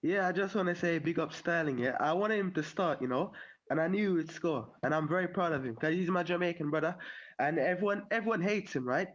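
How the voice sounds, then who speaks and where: A man's voice: on the high side, brisk, highs cut off. A man giving blunt, enthusiastic football fan opinions on a call, repeating his praise words. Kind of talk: casual fan commentary.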